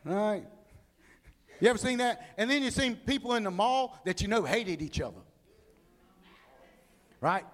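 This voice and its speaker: A man preaching a humorous sermon, telling animated stories and acting out the people in them. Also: high-pitched, measured pace, pauses often. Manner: animated storytelling, acts out people.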